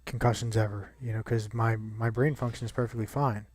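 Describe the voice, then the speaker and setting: Talking briskly in a lowish, slightly mellow voice with a flat delivery, this young man chats casually while playing a game, with no echo on the recording. He rambles, curses, and keeps restarting what he's saying.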